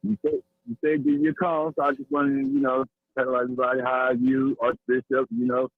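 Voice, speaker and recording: A man from West Virginia calling in to a live show from outdoors on his motorbike in the rain, talking excitedly and casually with some cursing. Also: medium pitch, a little fast, no room sound. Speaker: caller. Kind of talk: casual phone call. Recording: tinny dry phone line.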